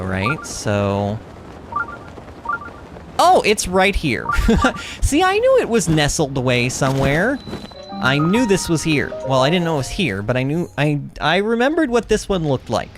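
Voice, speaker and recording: Chatty woman streamer over game music. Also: sits low. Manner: chatty, bubbly, full of fillers and restarts. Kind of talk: casual livestream chat while playing.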